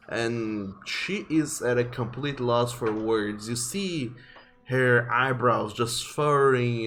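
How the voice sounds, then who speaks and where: A man narrating a tabletop game as game master, unhurried and often restarting his phrases. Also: medium pitch, fairly bright tone, slight background noise.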